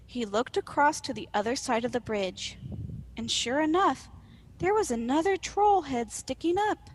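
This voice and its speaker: Slow, playful woman storyteller. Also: fairly high pitch. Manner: expressive, playful. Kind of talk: children's story reading.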